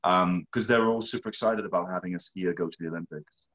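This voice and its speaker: A man in conversation telling a long story with lively acted-out quotes. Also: sits low, fast talker, highs cut off. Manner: animated, acts out quoted dialogue. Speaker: guest, skier.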